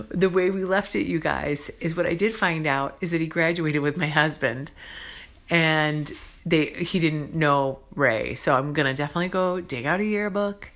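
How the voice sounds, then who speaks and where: A woman's voice: low voice, fairly bright tone. A woman hosting a podcast, telling a story in a chatty, exasperated way, full of "like" and "you know.". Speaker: podcast host. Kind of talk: casual storytelling monologue.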